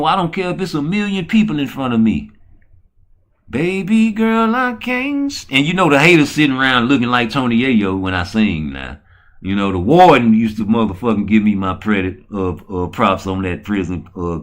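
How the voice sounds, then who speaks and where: A man hosting a show in slangy, casual chat, talking low and quick and crooning slow love songs in a higher voice. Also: fairly bright tone. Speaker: show host.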